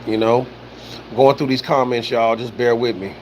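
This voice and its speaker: A man's voice: medium pitch, fairly even intonation, moderate pace, a little hiss or hum. A man hosting a livestream, reading viewer comments and talking in a loose, rambling way, full of "you know" and "man" and swearing. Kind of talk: casual spoken commentary.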